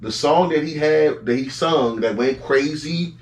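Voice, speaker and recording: A man's voice: on the high side, unhurried, reverberant. A man hosting a podcast, talking loosely and with lots of slang in casual chat. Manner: loose, slangy, animated storytelling. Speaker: podcast host.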